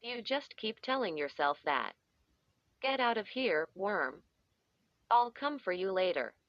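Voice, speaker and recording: A menacing young woman taunts in a slow, sly voice, as a woman reading the story puts her on. She sounds teasing and cruel. The recording is dull and lo-fi, with a dry sound and no room echo. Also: mid-range voice, very animated. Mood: taunting.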